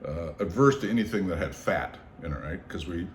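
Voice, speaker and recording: An older man from the Seattle area hosts a podcast with a deep, low voice. He tells stories in a lively way, repeats words and acts out the people in them. The room gives an echo, and there is a faint hiss underneath. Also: brisk. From Seattle area, USA. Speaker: podcast host. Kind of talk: storytelling in casual conversation. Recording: roomy echo.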